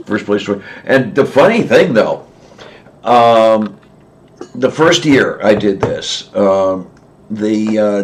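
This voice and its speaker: A man from southwest Pennsylvania hosting a casual livestream chat, rambling and chuckling, often trailing off softly. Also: lowish voice, a little hiss or hum. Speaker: livestream host.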